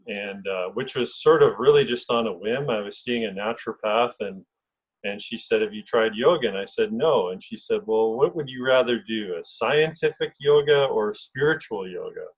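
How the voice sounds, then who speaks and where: A man hosting a casual conversation, speaking reflectively and earnestly with a husky voice. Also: fairly low pitch, poor audio. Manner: reflective, earnest, frequent "you know".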